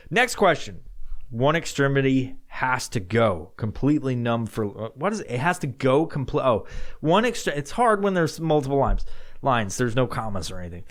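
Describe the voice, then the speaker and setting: A young man hosting a podcast alone, answering listener questions in a rambling, profane way, now and then breaking into loud acted-out shouts. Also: mid-range voice, expressive, fairly quick. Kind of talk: casual solo podcast chat.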